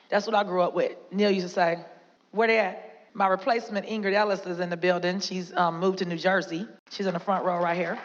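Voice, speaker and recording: A woman's voice: medium pitch, highs cut off. A woman sales leader giving a blunt, emphatic motivational talk to a live audience in a conference hall. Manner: blunt, emphatic, drill-sergeant pushing. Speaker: sales team leader speaking to her agents.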